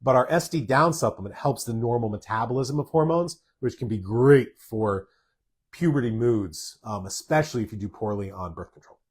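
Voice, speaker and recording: A man's voice: mid-range voice, expressive, normal speed, husky. A man, a doctor, answering viewer questions in a live Q&A, plainspoken and direct as he reads each question aloud and responds. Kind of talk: live Q&A reading viewer comments.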